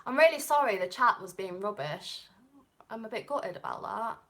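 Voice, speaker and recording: A woman's voice: mid-range voice, lively intonation, moderate pace, pushed and bright. A young Englishwoman with an English accent reading tarot on a live stream, chatting and rambling off on tangents. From England. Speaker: tarot reader.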